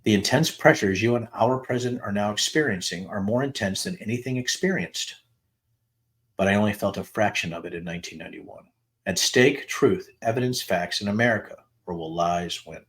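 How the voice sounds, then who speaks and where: Middle-aged male host, lowish register, reads messages aloud: flat dates, then quotes leaned on for emphasis. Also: brisk. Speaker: podcast host reading text messages aloud. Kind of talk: dramatic reading of texts with asides.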